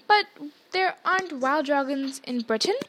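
A young schoolboy wizard, polite and curious, as a woman voices him. He asks questions plainly. His voice sits high. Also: expressive, normal speed, fairly bright tone.

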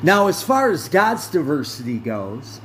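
A man hosting a podcast, talking in a slow, rambling monologue with many fillers and self-corrections. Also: a little high, very animated, a little hiss or hum. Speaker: podcast host. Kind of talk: casual monologue.

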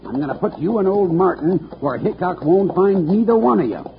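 A man's voice: sits high, expressive, brisk, vocal fry. An actor playing a menacing villainous ranch foreman in a 1950s radio western, sneering and threatening. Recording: old muffled radio broadcast with loud hiss.

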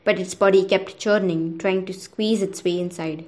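A woman narrating a novel aloud for a podcast, in a steady, measured way. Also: medium pitch.

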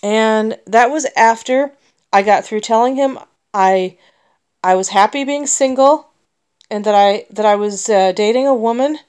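A woman's voice: fairly high pitch, unhurried, darkish tone, clean tone. An American woman talking in a personal vlog monologue, emotional and rambling, with many restarts. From United States.

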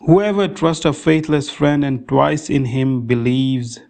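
Man putting on a clever male monkey, storybook fable, gravelly edge, middle pitch. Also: slow pace, darkish tone. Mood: scornful. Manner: pleading, then scolding and triumphant. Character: quick-witted male monkey, clever and nervous.

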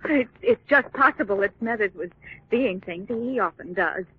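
An actress playing a polite, hesitant young heiress in a 1940s radio drama. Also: female voice, mid-range voice, expressive, moderate pace, husky. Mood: alarmed. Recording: dry lo-fi 1940s radio broadcast.

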